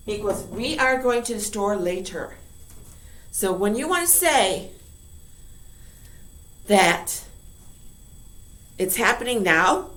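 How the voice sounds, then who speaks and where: A woman teaching a recorded online grammar lesson to high school students, lively and playful, repeating key words. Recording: echoey room.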